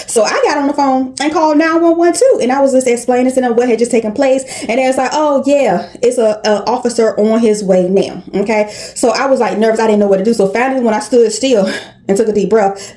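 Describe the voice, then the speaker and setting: Woman, casual storytime, slangy, animated, chatty, medium pitch. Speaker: vlogger telling a personal story.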